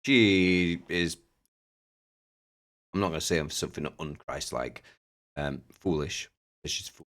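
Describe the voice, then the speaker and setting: Low-voiced man, sardonic commentary. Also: unhurried, pauses often, fairly bright tone. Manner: sardonic, mocking. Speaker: commentary host. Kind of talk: reaction commentary.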